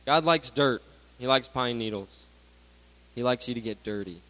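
Calm fatherly god voice, soft and low, a guy doing it mid-sermon. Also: normal speed, in a large hall, natural voice, low-quality recording. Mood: coaxing.

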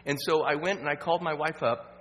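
A man giving a storytelling sermon at a church evening program, earnest and halting, with restarts, dropping to a hush at the sad parts. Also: on the high side. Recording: roomy reverb with faint hum.

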